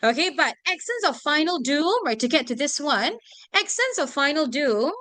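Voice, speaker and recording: Lady teaching english to a class, high voice that jumps all over, keeps asking if they follow. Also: normal speed, no echo. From Singapore. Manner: checks in often with students, animated. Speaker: English tutor. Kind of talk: classroom vocabulary lesson.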